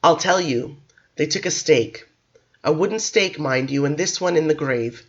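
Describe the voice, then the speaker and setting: In a storybook reading, a man voices a distraught, drunk, middle-aged Englishman who pleads desperately and speaks emphatically. His voice is a little high and a bit bright, at a moderate pace, on dull audio.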